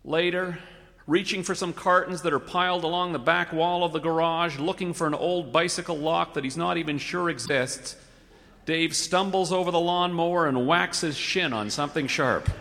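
A man reading a humorous story aloud with wry, measured narration and comic timing. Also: a little high, pushed and bright. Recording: reverberant hall.

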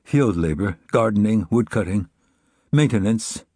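A man narrating a novel in a measured, reflective reading. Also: lowish voice, expressive, a little mellow, husky, no echo, clean studio sound. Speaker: audiobook narrator. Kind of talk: scripted narration.

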